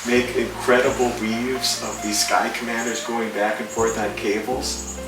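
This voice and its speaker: A husband fondly reminiscing about family trips, talking in halting stops and restarts. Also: male voice, medium pitch, little pitch movement. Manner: fond, halting storytelling with many restarts. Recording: roomy home recording, distant mic, music behind.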